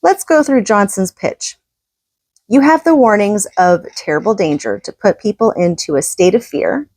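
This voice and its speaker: A woman's voice: medium pitch, animated, moderate pace, darkish tone, dry recording. A woman reading from a book and commenting in a casual, opinionated, conversational way.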